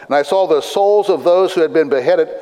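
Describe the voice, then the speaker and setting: Brief: male pastor, slightly higher voice, measured scripture reading, long hall reverb. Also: dark tone. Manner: measured, deliberate reading with dry asides.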